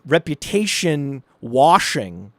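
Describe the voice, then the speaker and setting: A man co-hosting a podcast, telling stories in an animated, ranting way. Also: on the high side, slow pace, dry recording. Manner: animated storyteller, rants excitedly. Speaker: podcast co-host. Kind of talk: casual podcast chat.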